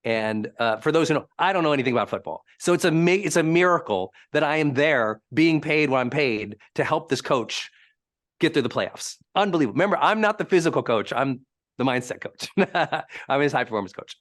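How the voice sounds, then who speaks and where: A high-performance coach gives a live teaching talk at a brisk pace, telling stories in an emphatic, animated way.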